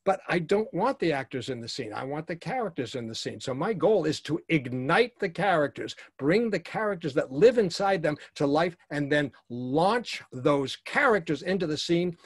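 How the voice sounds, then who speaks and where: A man's voice: on the high side, lively intonation, moderate pace, few pauses, breathy edge, no echo, studio quality. A man teaching a workshop to actors and directors, speaking emphatically and repeating his key phrases.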